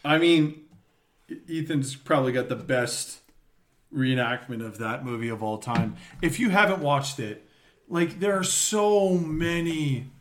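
A man's voice: fairly high pitch, unhurried, slight background noise. A man co-hosting a casual podcast, talking enthusiastically about movies. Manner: animated, enthusiastic. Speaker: podcast co-host. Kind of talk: casual chat.

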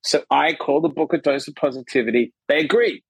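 A man guest on a podcast telling a personal story in casual conversation, animated and acting out what people said, often tagging his lines with a question. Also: a little high, fairly quick, vocal fry, slightly rough, no echo, poor audio. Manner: animated, acts out quotes, frequent "right?" tags. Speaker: podcast guest, author and coach.

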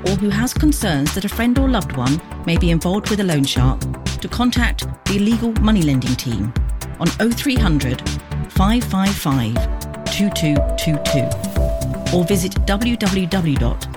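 An announcer reading a scripted public service message over a clear music bed. The pitch moves in a lively, animated way. The delivery is clear and instructive. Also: unhurried.

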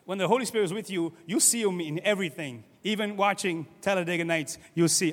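A male pastor from Cape Verde, preaching in a lively, conversational way and often asking "right?", swinging between loud and soft. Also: high voice, fast, few pauses, in a large hall. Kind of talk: sermon.

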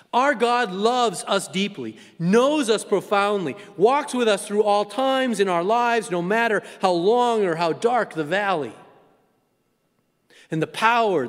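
Pastor, male, high voice, rhythmic sermon delivery that drops to hushed tones, long church reverb. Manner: repetitive preaching cadence, sinks to hushed, near-whispered close. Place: church sanctuary.

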